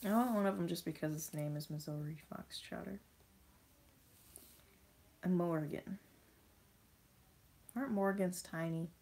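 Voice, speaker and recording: Young woman, low voice, chatty rambling unboxing vlog, reads text aloud. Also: a little slow, creaky, long pauses, a little mellow. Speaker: vlogger. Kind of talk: casual unboxing chat.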